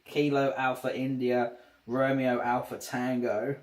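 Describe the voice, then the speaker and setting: A man's voice: mid-range voice, flat delivery, unhurried. Rambling man in a roomy room. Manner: rambling, restarts sentences often. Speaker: livestreamer. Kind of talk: casual livestream chat. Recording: roomy echo.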